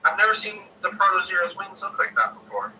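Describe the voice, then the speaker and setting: A man's voice: high-pitched, a little fast. A man chatting casually about model kits and rambling through a funny story. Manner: rambling storyteller, lively and jokey. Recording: noisy room, mic a little far off.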